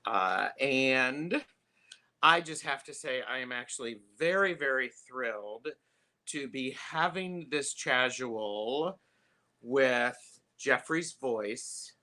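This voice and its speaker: A man hosting a live tarot stream, chatting casually with lots of fillers and pauses. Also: mid-range voice, animated, sharp tone. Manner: chatty, halting, many fillers.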